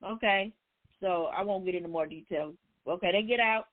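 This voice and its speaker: A woman's voice: on the low side, moderate pace. A woman hosting a book discussion, casually retelling a story in with loose, conversational phrasing. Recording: tinny phone line.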